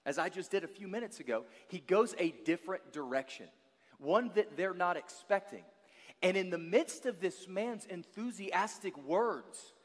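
A man preaches with a high, bright-edged voice that rings through a big hall with long reverb. He is emphatic, climbing to loud peaks and then dropping into quiet, sobering asides. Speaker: guest pastor. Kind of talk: sermon.

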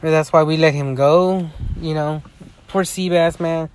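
A man's voice: on the high side, steady tone, a little slow, smooth. A tired man in a casual vlog rant, rambling with heavy swearing and frequent restarts. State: tired, yawning. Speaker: sports fan vlogger.

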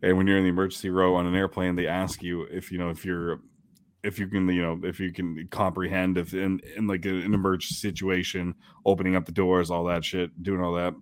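Deep-voiced man, jokey and profane. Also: little pitch movement, a little fast. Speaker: podcast co-host. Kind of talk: casual chat.

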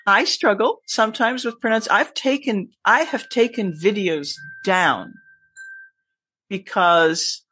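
A podcast guest talking casually and warmly to listeners, often restarting sentences. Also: mid-range voice, dry recording. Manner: chatty, restarts, friendly to listeners. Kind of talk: casual conversation.

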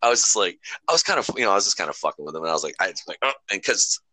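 A man's voice: low-pitched, very fast. A man rambling and swearing casually as a podcast host. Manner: rambling, profane, animated storytelling. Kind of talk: casual chat.

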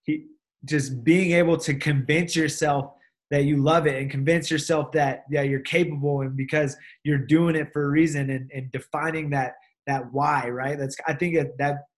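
A male interviewer on a video call speaks in a slightly higher register. He talks haltingly, restarting phrases as he gathers his thoughts in casual conversation. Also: steady tone. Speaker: interviewer, host.

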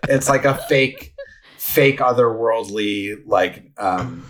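A man's voice: on the low side, slow pace. A man, a podcast guest, talking about a film in a loose, rambling way full of fillers. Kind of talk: casual film review chat.

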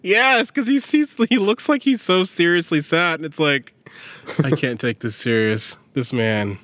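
A man co-hosting a podcast in casual chat, rambling with lots of fillers and quick laughs. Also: on the high side, expressive, a bit bright. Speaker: podcast co-host.

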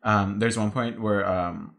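A woman's voice: very deep voice, a little slow, gravelly. A young woman in casual chat, blunt and opinionated, swearing now and then.

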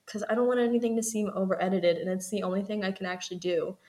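A woman's voice: mid-range voice, quick pace, a little mellow. A young woman co-hosting a podcast, chatting casually, filling her talk with "like" and laughing often. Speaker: podcast co-host. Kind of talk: casual chat.

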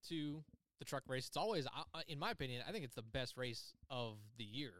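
A man's voice: medium pitch, animated, a little fast, fairly bright tone, no echo. A man hosts a podcast in a loose, chatty way. He restarts sentences and laughs easily. His voice sounds dry and close to the mic. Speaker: podcast host. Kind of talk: casual chat.

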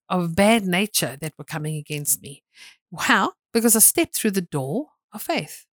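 A woman's voice: on the low side, a bit bright, dry recording. Woman preaching, punchy and repetitive, pretty dry close sound. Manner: emphatic, repetitive preaching with dramatic bursts. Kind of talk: sermon.

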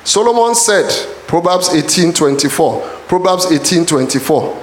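A man preaching a sermon in a church, often shouting calls to the congregation. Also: a little high, animated, normal speed, a little hiss or hum. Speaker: pastor. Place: church hall. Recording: echoey church hall.

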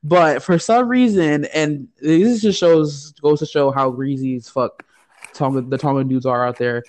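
A woman's voice: low voice, measured pace, darkish tone. A woman from the United States co-hosting a podcast, telling a story in casual chat, profane and often laughing. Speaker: podcast co-host.

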